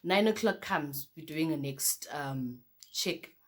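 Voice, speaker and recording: A young South African woman with a slightly low voice recounts her own story straight to her viewers. She keeps it loose and conversational, calling them "guys" and marking each new beat with a quick "okay, cool.". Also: expressive. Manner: chatty, addresses viewers as guys, repeats "okay, cool" between beats. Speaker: vlogger. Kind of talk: casual storytelling to camera.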